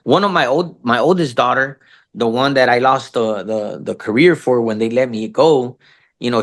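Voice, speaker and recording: Gravelly, slangy middle-aged man. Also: medium pitch. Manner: loose, profane, lots of "bro" and restarts. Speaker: interview guest, actor. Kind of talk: casual podcast interview.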